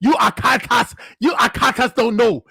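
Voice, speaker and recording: A man's voice: very high voice, normal speed, vocal fry, bright, forceful tone, husky, dry recording, clean studio sound, heavily acted. A man voicing an angry, boastful Nigerian man in a put-on Nigerian accent who scolds and repeats himself. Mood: indignant. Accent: Nigerian imitation.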